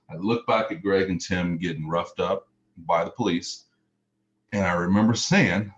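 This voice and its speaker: A man's voice: deep voice, expressive, fairly quick. A middle-aged man from Chicago telling a personal story in vivid, emotional present tense. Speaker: motivational speaker. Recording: slightly muffled recording.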